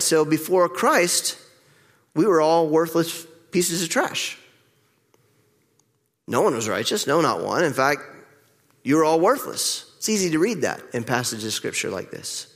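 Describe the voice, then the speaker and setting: A middle-aged male pastor preaching a candid, reflective sermon with pauses, heard with the long reverb of a church hall. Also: a little high, animated, a bit bright. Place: church sanctuary.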